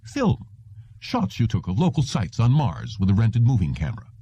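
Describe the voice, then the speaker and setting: A man voicing a genial, plump middle-aged male salesman with smooth, emphatic patter. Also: fairly low pitch, wildly swooping pitch, moderate pace, mellow, dry recording, heavily acted. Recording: dull lo-fi audiobook recording.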